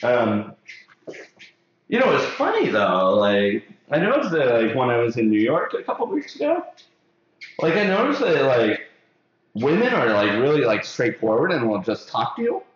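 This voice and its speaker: A hairstylist hosts a live haircutting show from a hair salon classroom, chatting and joking as he works with plenty of fillers. His medium-pitched voice swoops wildly, at normal speed. The room is very echoey and the sound is dull.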